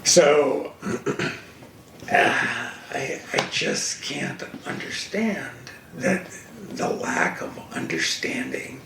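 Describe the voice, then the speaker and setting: A man's voice: medium pitch, drawn-out words, gravelly. An older man, a guest and racing TV commentator, telling stories emphatically in a casual fireside conversation, recorded from a distance in an echoey room. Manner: animated, emphatic storytelling. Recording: echoey room, distant mic, faint hiss.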